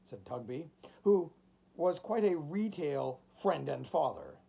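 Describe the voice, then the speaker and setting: Male audiobook narrator, dramatic classic-novel read, lively pitch, husky tone. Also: slow. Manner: expressive, dramatic reading. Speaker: audiobook reader.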